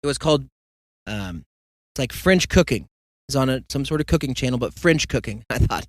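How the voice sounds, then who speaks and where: A man's voice: mid-range voice, animated, brisk, no echo. Rambling young man, dry close sound. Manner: rambling storyteller, joking asides and mock quotes. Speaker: podcast host. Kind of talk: casual solo monologue.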